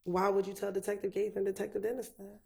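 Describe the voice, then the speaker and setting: Gravelly-voiced woman questioning a witness. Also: mid-range voice, flat delivery, a little mellow. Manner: methodical, repetitive, measured. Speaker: prosecutor. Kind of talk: courtroom questioning. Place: courtroom.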